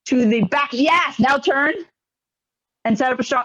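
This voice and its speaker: A man teaching a karate class online, giving brisk, encouraging commands. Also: very high voice, pushed and bright. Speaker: karate instructor. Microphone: video call. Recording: lo-fi video call audio.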